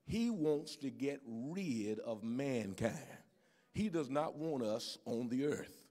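A man's voice: mid-range voice, expressive, slow pace, dark tone. An older man preaching a sermon to a church congregation, peppering his talk with amens and frequent restarts. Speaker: pastor. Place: church sanctuary with live audience.

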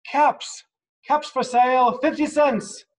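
Storybook figure: a grumpy male peddler hawking caps in a raised, strained shout, put on by a man reading aloud. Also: extremely high pitch, steady tone, takes it slowly, pitched above the performer's own voice. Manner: loud street-hawker calls, shouting at monkeys.

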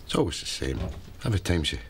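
A gruff older Scottish pensioner in a sitcom, with a very deep voice that rises and falls widely. He talks plainly and slowly, with a faint hum behind him. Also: very animated. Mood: wistful. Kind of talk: sitcom acting.

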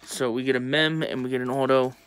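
A young man talking casually to viewers while opening sports cards, chatty and excitable. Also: medium pitch, fairly quick, clear, resonant tone. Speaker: sports card collector opening packs. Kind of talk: casual pack-opening vlog.

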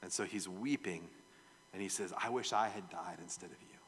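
A man's voice: sits low, a little fast, fairly bright tone, slight background noise. Male pastor, conversational, in a reverberant hall. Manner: conversational, asks the audience questions. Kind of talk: verse-by-verse sermon. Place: church sanctuary.

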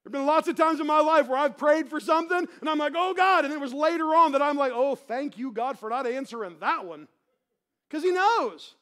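High-voiced woman pastor preaching fervently. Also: brisk. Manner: impassioned, repeats phrases, swells to shouts; conversational preaching with many restarts. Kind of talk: sermon.

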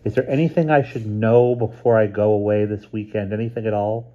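A man reading a storybook aloud, voicing a busy mother who talks with brisk, forced cheerfulness. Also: fairly low pitch, fairly even intonation, dull audio, voice pushed up, close to an everyday voice. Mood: impatient.

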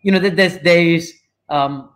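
Man, Malaysian English accent, slightly high voice, casual rambling host, many fillers. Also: moderate pace, a bit bright. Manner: rambling, frequent fillers and "right?" tags. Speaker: show host and company CEO. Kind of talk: casual live-stream chat.

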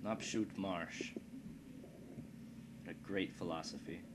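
A man with a very low voice talks slowly through a strategy game, tossing off crude, profane jokes as he plays. A steady hiss of background noise runs under his voice. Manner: crude, profane, joking asides. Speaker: let's play commentator. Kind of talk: casual gameplay commentary.

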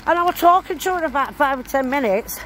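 A woman's voice: high-pitched, lively intonation, fast talker. An older woman chats in a rambling, broad-dialect way while walking outdoors. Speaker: vlogger. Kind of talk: casual chat while walking. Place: outdoors on a town street. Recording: noisy outdoor street phone recording. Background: traffic and street noise.

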